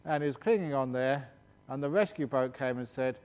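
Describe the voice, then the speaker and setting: A man, a meditation teacher, answering questions at a retreat in a jokey, animated storytelling manner. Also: medium pitch, moderate pace, clear, resonant tone. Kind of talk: retreat Q&A talk. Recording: reverberant hall.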